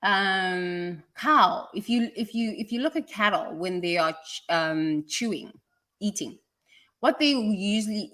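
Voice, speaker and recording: A South African woman with a British-tinged accent giving a passionate motivational talk, swinging from quiet asides to loud, emphatic repeated lines. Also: mid-range voice, a little slow. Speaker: speaker on personal growth.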